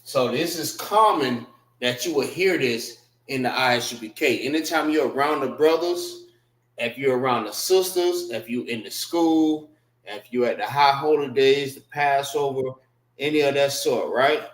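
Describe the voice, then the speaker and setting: A man's voice: medium pitch, normal speed, roomy sound. A man teaching a class, patiently repeating words and spelling them out letter by letter. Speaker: class instructor. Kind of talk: classroom lesson on writing and pronunciation.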